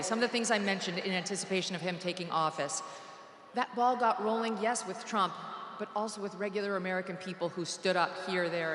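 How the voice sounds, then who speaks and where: A woman giving a political rally speech, sarcastic and mocking, shouting her punchlines to a crowd. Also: fairly low pitch, a little hiss or hum. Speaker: rally speaker. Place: large indoor arena. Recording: echoey arena with long reverb.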